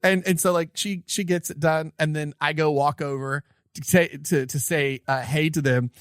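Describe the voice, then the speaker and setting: A man tells a story on his podcast in a fast-rising, excited way, tripping over his words and restarting often. His voice sits a bit high for a man. The sound is close and dry. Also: smooth, dry recording. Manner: excited, animated telling with many restarts. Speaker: podcast co-host. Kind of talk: casual storytelling chat.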